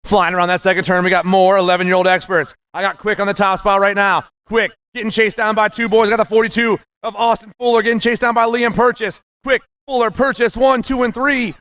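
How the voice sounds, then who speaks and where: A man calling live races as the announcer, excited and punchy, rattling off names and nicknames. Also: high voice, fairly quick, hardly any pauses, dry recording. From USA. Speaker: race announcer. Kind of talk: live race commentary.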